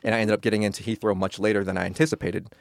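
A man's voice: lowish voice, little pitch movement, very fast, creaky, no echo, studio quality. A man in his thirties, a podcast guest and attorney, telling stories casually, rambling and correcting himself with a laugh. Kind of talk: casual storytelling in conversation.

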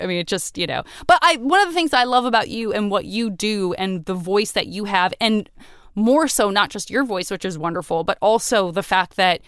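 A woman hosting a podcast talks in a relaxed, animated way. Her voice is smooth and resonant, and the recording is dry and close, with no room sound. She often jumps up in pitch when she quotes people. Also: brisk, no room sound. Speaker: podcast host. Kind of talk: casual conversation.

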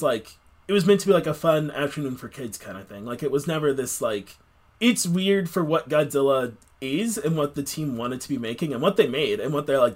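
A man hosting a podcast, chatting casually and rambling with many fillers. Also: on the high side. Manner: rambling, filler-heavy, laughs often. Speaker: podcast host. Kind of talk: casual chat.

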